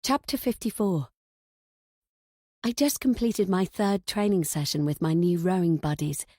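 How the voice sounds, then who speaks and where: A woman's voice: lowish voice, a little slow, dark tone, no echo, clean studio sound. A woman narrating a first-person thriller audiobook in a tense, anxious way.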